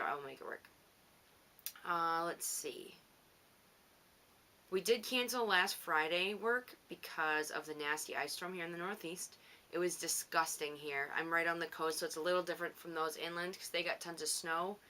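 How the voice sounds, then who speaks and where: Chatty low-voiced woman podcaster with bright tone. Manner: chatty, rambling, self-teasing, quick to laugh. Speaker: knitting podcast host. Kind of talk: casual podcast monologue. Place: home on the coast.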